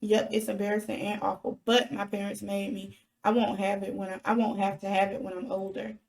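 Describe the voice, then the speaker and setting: A woman's voice: mid-range voice, little pitch movement, a little fast, creaky, darkish tone, natural voice. A woman reading as a snide bully boy. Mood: sneering. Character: snide mocking young boy, bowl-cut bully. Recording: roomy echo.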